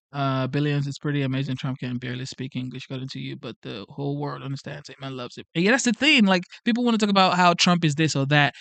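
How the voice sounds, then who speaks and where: Nigerian male streamer, mid-pitched, casual rambling chat, dry close sound. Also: creaky, no room sound. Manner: rambling, lots of "like" and "okay?". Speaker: livestream host. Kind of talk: casual chat reading viewer comments.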